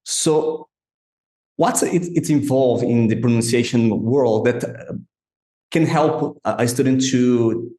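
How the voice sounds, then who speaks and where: Man host, halting and searching, roomy echo on his voice. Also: mid-range voice, mellow. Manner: hesitant, many restarts and fillers, searching for words. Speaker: podcast host. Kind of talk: podcast interview questions.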